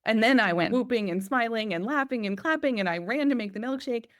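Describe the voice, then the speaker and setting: A mother in her forties, a podcast guest, telling a story with lively acted-out quotes. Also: a little high, brisk, no room sound, clean studio sound. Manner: animated, acts out quotes. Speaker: guest, parent. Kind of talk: casual storytelling.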